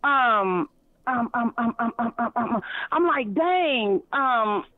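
A high-pitched woman calls in, gushing and rambling with many ums and false starts. Her voice is thin and tinny over the phone line, and the sound is dry and close. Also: expressive, slow, no room sound. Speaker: caller. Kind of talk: excited phone call to a talk show.

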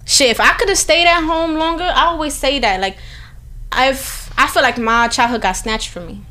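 A woman's voice: sits high, normal speed, sharp tone, a little hiss or hum. A young woman with a New York accent talking bluntly and profanely in casual chat, often repeating herself. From Harlem, New York.

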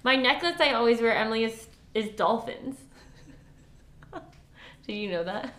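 A woman's voice: fairly high pitch, expressive, moderate pace, fairly bright tone, echoey room. A young woman co-hosting a book podcast, chatting casually and giggly, full of filler likes and sometimes dropping to a whisper. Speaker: podcast co-host.

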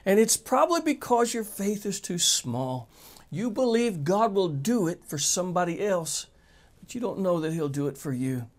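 A man's voice: sits high, darkish tone. A man preaching a sermon, talking straight to his listeners with emphatic rhetorical questions.

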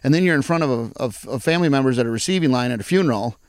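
A man's voice: mid-range voice, lively intonation, very fast, no echo. A man, a guest speaker telling stories energetically in conversation and repeating phrases as he goes. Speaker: guest speaker on farm mental health. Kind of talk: animated storytelling in conversation.

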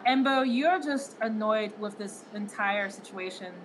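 A woman's voice: medium pitch, measured pace, poor audio. A woman running a tabletop game as game master, narrating playfully. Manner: playful, laughs between lines. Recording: background noise.

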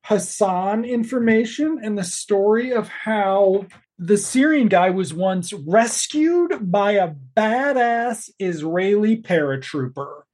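A woman's voice: medium pitch, expressive, slow pace, a little mellow. A woman co-hosting a podcast, recapping an episode in casual, joking chat. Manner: chatty, joking, acts out characters' lines. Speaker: podcast co-host.

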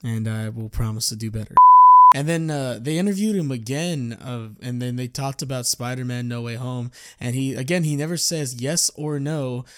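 A man's voice: medium pitch, normal speed, pushed and bright, dry recording. Rambling man hosting a solo podcast. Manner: rambling, self-correcting, chatty. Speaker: podcast host. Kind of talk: casual solo chat.

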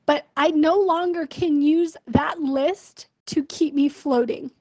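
A woman's voice: high-pitched, steady tone, slow, a little mellow, no echo, rough recording. A young woman venting her frustration in a personal video diary, emotional and full of fillers. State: pregnant. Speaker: vlogger.

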